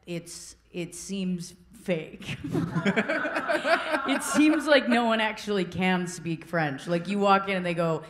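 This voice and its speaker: A woman's voice: lowish voice, slow, slight background noise. Blunt, swearing woman podcast co-host. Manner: blunt, profane, laughing often. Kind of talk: live podcast banter before an audience. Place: festival stage before a live audience. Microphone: handheld mic.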